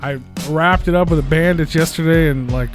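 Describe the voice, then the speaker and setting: A man's voice: a little high, a little fast, faint music behind. A man co-hosting an online radio show, casually swearing while telling a story. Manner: swearing, laid-back storytelling. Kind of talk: casual chat.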